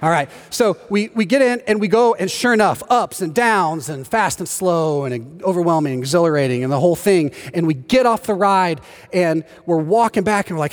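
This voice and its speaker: A man preaching in a big church hall, his voice carried by a long reverb tail. He pitches a touch higher than most men and tells stories lively, acting out the people he quotes. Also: fairly quick. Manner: animated storytelling, acts out quoted voices. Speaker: pastor. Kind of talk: sermon.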